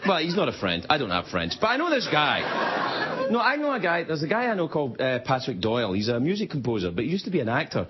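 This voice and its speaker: In a TV studio with a live audience, this middle-aged late-night host from Scotland rambles through self-mocking comic stories. His high-leaning voice swoops wildly in pitch at a quick pace, and the dull recording is noisy with loud crowd sound.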